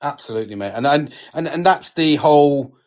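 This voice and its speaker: A man's voice: fairly high pitch, lively intonation, a little fast. A British man co-hosting a casual podcast chat, frank and sweary, talking with emphasis. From United Kingdom. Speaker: podcast co-host.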